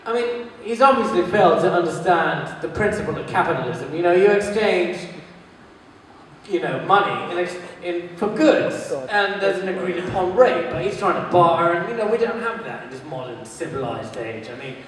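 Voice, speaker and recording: A man's voice: high-pitched, animated, moderate pace. A man doing a stand-up comedy set at a live venue, rambling and crude, often stopping to restart his sentences, recorded in an echoey hall from a distance. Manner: rambling, crude, self-interrupting. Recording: echoey hall from far off, faint ambience.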